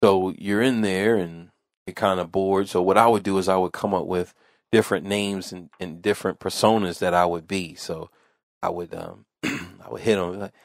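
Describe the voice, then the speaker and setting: A man's voice: low voice, fairly even intonation, moderate pace, no room sound, studio quality. A man hosting a podcast, telling a casual story in a rambling way that repeats phrases and restarts often. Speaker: podcast host.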